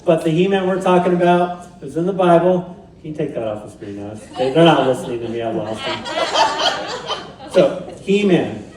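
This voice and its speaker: A man's voice: a little high, fairly even intonation, a little fast, heavy background noise. A male pastor preaching a sermon in a conversational way with light humor. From Pacific Northwest, USA. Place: church sanctuary. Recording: roomy church sound from a distant mic.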